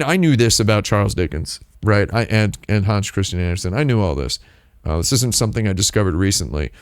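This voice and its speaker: A man's voice: lowish voice, clear, resonant tone, dry recording, studio quality. A man hosting a casual livestream, rambling and wry, often breaking off and restarting his sentences. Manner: rambling, self-interrupting, wry asides. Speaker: streamer host.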